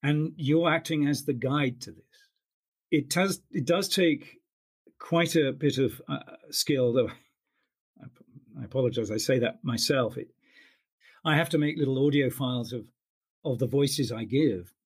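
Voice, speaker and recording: A man's voice: medium pitch, moderate pace, breathy edge. A man who works as an audiobook narrator, talking thoughtfully in an interview with frequent restarts. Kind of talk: interview conversation.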